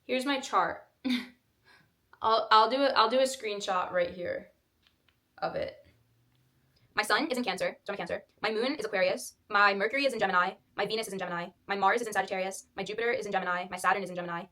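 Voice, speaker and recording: A woman in her twenties talks casually to her viewers, rambling and filling gaps with "like." Her voice sits at a middle pitch. The room around her rings with echo. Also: quick pace, sharp tone. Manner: chatty, rambling, lots of "like". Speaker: vlogger. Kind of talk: casual Q&A chat. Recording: echoey room.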